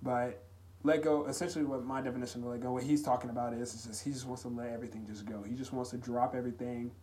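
A man's voice: medium pitch, fairly even intonation, mellow, slight background noise. Earnest young man on a confessional podcast. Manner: earnest, halting, emotional, heartfelt. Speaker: podcast host. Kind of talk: solo confessional podcast talk.

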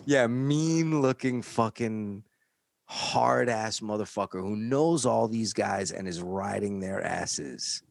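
A man's voice: on the low side, takes it slowly, creaky, dry recording. A man from New York telling a rambling, profane story in casual chat on a close studio mic.

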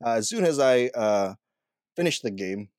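A man's voice: mid-range voice, expressive, moderate pace, darkish tone, dry recording, clean studio sound. A young man co-hosting a podcast, telling a story in casual chat and laughing often. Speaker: podcast co-host.

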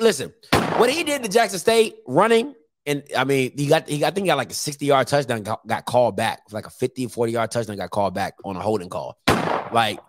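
A man's voice: mid-range voice, background noise. A man hosting his own YouTube show, chatting casually and teasing viewers, with lots of fillers. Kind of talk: casual live-stream talk.

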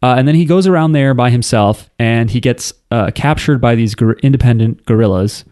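A man's voice: medium pitch, a little fast, warm tone, clean tone, no room sound, clean studio sound. A man co-hosting a casual podcast, recapping an anime with crude jokes and acted-out quotes. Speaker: podcast co-host.

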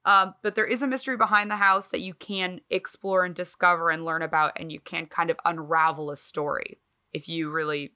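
A woman co-hosting a podcast in casual chat, talking in an animated, swearing, self-mocking way. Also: lowish voice, a little fast. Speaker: podcast co-host.

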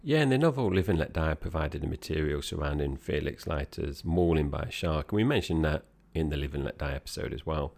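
A man's voice: extremely low pitch, animated, fairly quick, creaky, few pauses, darkish tone. A man co-hosting a podcast, chatting easily about a film and tossing questions to his co-host. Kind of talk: casual film chat.

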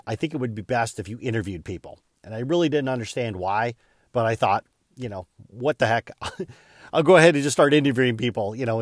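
A man hosting his own podcast, telling a casual, self-deprecating story with lively retelling and many restarts. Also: medium pitch, no echo, studio quality. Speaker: podcast host.

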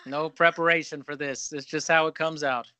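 A man's voice: a little high, fairly even intonation, normal speed, bright, forceful tone, clear, resonant tone, no echo. A man hosting a podcast, chatting casually, joking and riffing in long run-on thoughts. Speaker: podcast host. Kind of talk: casual interview chat.

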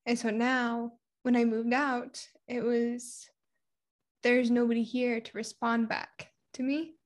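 A woman's voice: on the high side, flat delivery, slow pace. Chatty young woman from Puerto Rico. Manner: candid, chatty storytelling with acted-out quotes. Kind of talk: casual conversation.

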